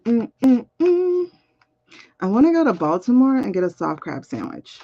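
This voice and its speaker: A woman's voice: fairly low pitch, very animated, fast talker, creaky, dark tone, dull audio. A woman reading cards on a live stream, chatting casually and muttering to herself while she sorts out links. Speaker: live card reader. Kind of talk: casual livestream chat.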